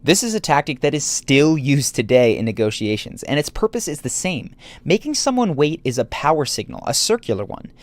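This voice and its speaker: A man doing scripted narration for a video essay, explaining points in a measured, analytical way. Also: fairly high pitch, big pitch swings, dry recording.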